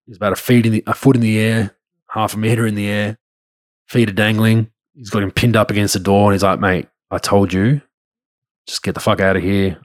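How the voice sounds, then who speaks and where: A deep-voiced Australian man recounts an anecdote in easy, casual storytelling. He talks loosely and doubles back on his words often, with the odd swear word thrown in. The sound is dry and close, with no room around it. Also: dry recording. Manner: loose and conversational, frequent restarts and casual swearing.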